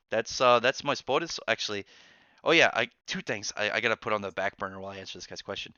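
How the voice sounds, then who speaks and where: A man hosting a casual live stream from his barracks room, rambling through chat with quick asides and restarts. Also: lowish voice, expressive, bright, forceful tone, no room sound. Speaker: streamer host reading chat. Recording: dull lo-fi sound.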